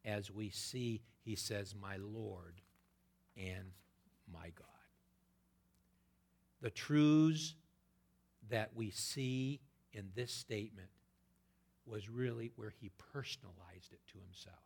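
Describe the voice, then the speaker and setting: A man preaching a sermon, quoting scripture and swinging between loud emphatic peaks and hushed whispers. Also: lowish voice, steady tone, slow pace, gravelly, slightly rough. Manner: quotes scripture in old-fashioned wording.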